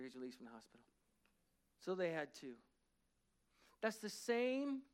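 Male pastor, higher-pitched, dramatic sermon storyteller, hushed to booming. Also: clear, resonant tone. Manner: dramatic retelling, swings from hushed to loud.

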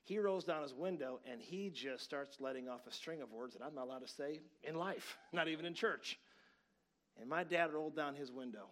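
A man in his forties delivers a sermon in a storytelling manner. His voice swings from hushed, intimate asides to sudden loud outbursts as he acts out the story. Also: a little high, normal speed. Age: 40s. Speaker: pastor.

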